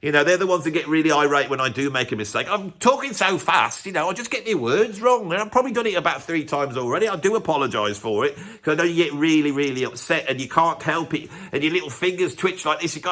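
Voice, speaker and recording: A man who hosts a YouTube music channel rambles and teases his viewers, tossing in self-mocking asides during casual vlog commentary. His voice is fairly high, bright, and forceful, with lively intonation. He talks fast and hardly pauses.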